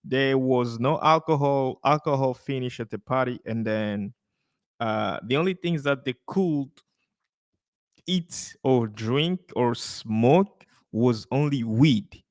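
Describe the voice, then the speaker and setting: Guy hosting a podcast, talks slow and loose, lots of uh and you know, laughs a lot, dry close sound. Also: mid-range voice, no echo. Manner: loose and chatty, laughs often, fillers and restarts. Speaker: podcast host reacting to a clip. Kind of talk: casual commentary.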